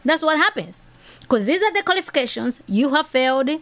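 A woman's voice: high voice, very animated, fairly quick, fairly bright tone. A woman hosting a podcast, giving earnest, opinionated commentary peppered with "you know" and "okay". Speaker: podcast host.

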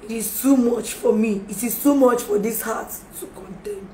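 A woman's voice: a little high, moderate pace, warm tone. A woman in an emotional live-stream appeal, pleading and apologizing again and again, recorded on a phone. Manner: pleading, repeats apologies and requests for forgiveness. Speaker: livestreamer making a public apology. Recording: echoey room with faint background noise.

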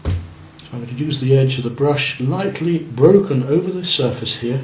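A male art teacher leads a beginners' painting class, coaching and encouraging students and checking their work as he goes. His mid-range, darkish voice moves at normal speed, with faint music behind it. The space sounds roomy, with faint noise.

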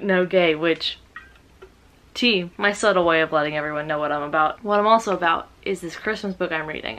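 A woman's voice: mid-range voice, fairly bright tone. A young adult woman chatting in a casual reading vlog at home, joking and rambling in a self-deprecating way. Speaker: book vlogger.

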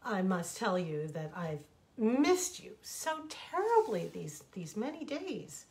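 Gentle man who paints sunrises read by a woman, kind, stumbles a bit, slow. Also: medium pitch, big pitch swings. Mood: tender.

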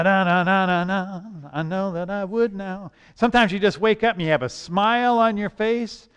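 A man leading a children's message in church, playful and animated, singing and acting out moods for the kids. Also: on the high side, clean tone. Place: church sanctuary.

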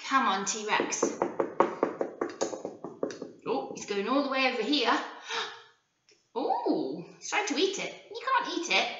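A woman with an English accent teaching a phonics lesson to young children, animated and sing-song, speaking slowly and clearly with frequent gasps. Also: high-pitched, noisy background. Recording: echoey room, voice from a distance, dull sound.

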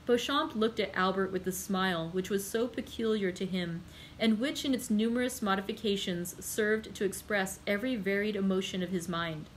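A woman librarian reading a classic novel aloud, steady and even. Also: medium pitch, normal speed, slight background noise, poor audio.

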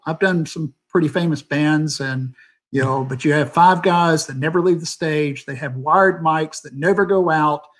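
A man, a theater sound designer, talking candidly and rambling with many fillers on a video call. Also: fairly high pitch. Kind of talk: panel talk on a video call.

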